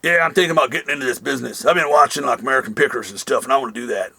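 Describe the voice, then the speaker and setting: A man's voice: mid-range voice, rapid-fire, vocal fry, pushed and bright, breathy edge, no echo, heavily acted. A man imitating a pushy, clueless caller who keeps nagging him with questions.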